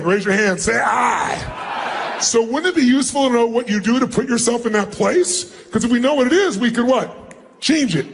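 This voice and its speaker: A man leading a live seminar for a large audience in a big hall, giving energetic commands and calling for the crowd to shout back. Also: extremely high pitch, slight background noise. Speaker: motivational seminar speaker.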